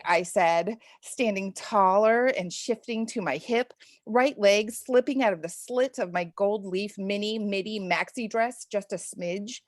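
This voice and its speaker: A woman reading her own deliberately awful first chapter aloud, with a sly, mock-breathless comic delivery. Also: medium pitch, dry recording, clean studio sound. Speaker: guest author reading a parody chapter.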